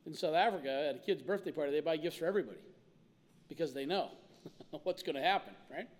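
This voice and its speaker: A man's voice: a little high, quick pace. A man pastor preaching a sermon, telling stories animatedly and acting out quotes in different voices. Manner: animated storytelling with acted-out quotes. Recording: reverberant hall.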